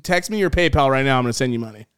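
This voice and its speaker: A man's voice: medium pitch, animated, rapid-fire, fairly bright tone, smooth, dry recording. Laughing, loose-talking man on a podcast. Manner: laughs often, swears, talks loosely. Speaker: podcast host. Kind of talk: casual chat.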